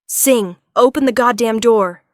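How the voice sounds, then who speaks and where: A woman's voice: fairly low pitch, fairly even intonation, normal speed, no room sound, clean studio sound, natural voice. Woman voicing a barking male investigator. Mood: shouting. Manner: urgent, barking orders. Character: tense male investigator, commanding.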